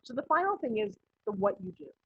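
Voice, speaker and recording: Lively woman teaching an online lesson. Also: a little high, fairly quick, slightly rough. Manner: lively, conversational, acts out quoted dialogue. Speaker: business coach. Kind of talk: recorded online course lesson. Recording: slightly muffled lo-fi audio.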